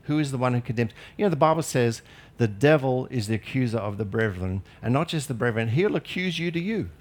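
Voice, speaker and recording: A man's voice: mid-range voice, expressive, fairly quick. A male pastor preaching a sermon in an earnest, emphatic way with light humorous asides.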